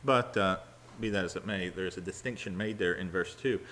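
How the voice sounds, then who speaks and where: A man teaching a Bible study sermon in a conversational way, with frequent fillers and restarts. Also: low voice. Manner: halting, many fillers and restarts; acts out quoted lines with a raised, louder voice.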